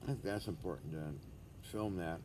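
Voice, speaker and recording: Deep-voiced older man rambling bluntly. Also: normal speed. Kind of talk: rambling casual vlog monologue. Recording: noisy background hiss.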